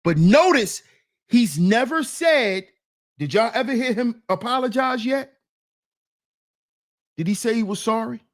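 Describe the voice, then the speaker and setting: Animated emphatic male commentator. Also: very high-pitched, unhurried, long pauses, no room sound, studio quality. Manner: animated, emphatic, repeats "see". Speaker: commentary host. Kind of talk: casual commentary on a video clip.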